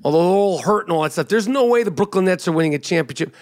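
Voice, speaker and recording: A man hosting a podcast, riffing on basketball in a brash, profane, animated way. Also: high-pitched, racing. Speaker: podcast host. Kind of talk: casual basketball commentary monologue.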